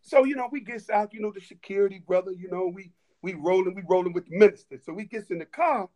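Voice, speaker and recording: A man telling stories in a casual chat, animated, with many restarts and laughing asides. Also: sits high, fast talker. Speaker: guest storyteller.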